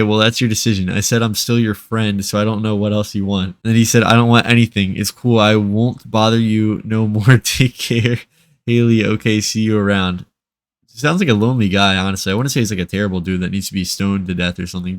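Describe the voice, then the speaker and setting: Man, sarcastic reaction commentary, rapid delivery, dry close recording. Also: on the low side, no echo. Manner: sarcastic, mocking, quick-talking. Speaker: reaction video creator. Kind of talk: casual commentary reading texts aloud.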